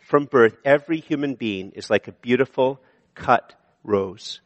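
A Canadian man preaching a sermon, moving between emphatic high points and quiet, slow passages. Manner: animated preaching, shifting from emphatic to hushed. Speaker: pastor. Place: church sanctuary. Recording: long reverb of a large hall.

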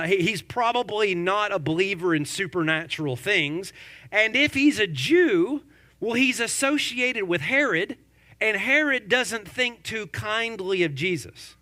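A man preaching with a high, ringing voice that rises sharply when he makes a point. He works the congregation with rhetorical questions and playful asides. The tone is that of a lively sermon, not a lecture. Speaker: pastor.

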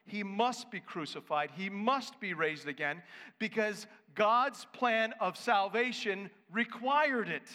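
Sex: man. Role: pastor. Style: sermon, emphatic and conversational. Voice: high. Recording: echoey hall. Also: slow pace, pushed and bright.

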